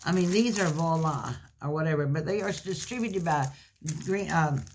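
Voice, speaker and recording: Gushing woman with a low voice. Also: normal speed, a little mellow, a little hiss or hum. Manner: gushing, chatty and folksy. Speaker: craft vlogger. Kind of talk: casual haul video chat. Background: faint crinkling of plastic packaging.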